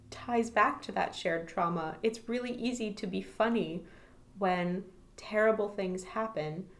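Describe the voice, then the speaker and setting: A woman co-hosting a podcast, talking casually about a book and laughing often. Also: mid-range voice. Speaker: podcast co-host.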